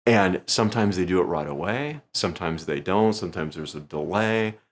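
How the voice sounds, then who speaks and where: A man teaching a magic routine in a conversational way, often acting out his stage lines with sudden lifts in pitch. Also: lively intonation, normal speed. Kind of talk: instructional talk.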